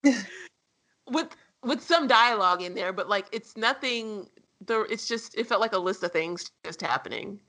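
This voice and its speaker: A woman co-hosting a casual book discussion podcast, animated and profane, laughing often. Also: mid-range voice, moderate pace. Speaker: podcast co-host.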